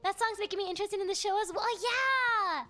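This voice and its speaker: Young female streamer, very high and bright, bubbly and teasing, casual chat over soft background music. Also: fast talker. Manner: bubbly, thanks viewers over and over, playful teasing. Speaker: VTuber streamer.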